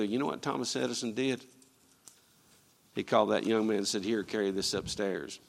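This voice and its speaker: A man's voice: on the low side, creaky. A man preaching a sermon emphatically, calling out to his congregation for responses. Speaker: pastor.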